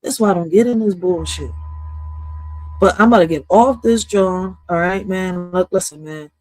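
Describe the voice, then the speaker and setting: A woman's voice: on the low side, normal speed, a little mellow, poor audio. A woman who streams and writes poetry, ranting casually and with a lot of profanity, full of slang and talking straight to her chat. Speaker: streamer and poet. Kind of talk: casual live-stream rant.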